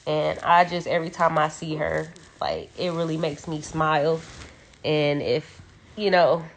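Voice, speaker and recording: Woman livestreaming, gravelly and emotional. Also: deep voice, fairly even intonation, unhurried, a little hiss or hum. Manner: emotional, rambling with many fillers. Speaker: livestreamer speaking about her sister. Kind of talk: casual livestream talk. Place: dark room at home.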